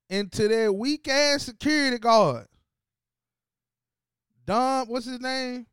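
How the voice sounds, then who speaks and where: A man hosting a sports show in a casual, profane, trash-talking rant, dropping low to read off numbers and jumping loud when he gets excited. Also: smooth, no room sound, studio quality. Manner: profane, trash-talking, repeats phrases for emphasis; swings between low stat-reading and loud excited outbursts. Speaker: sports podcast host.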